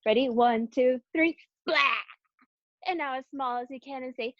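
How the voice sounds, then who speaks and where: A woman teaching artist calls rhythmic cues in a high, lively voice. The sound is dry and slightly muffled, like a modest mic close up. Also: brisk, no echo. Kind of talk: guiding a movement warm-up.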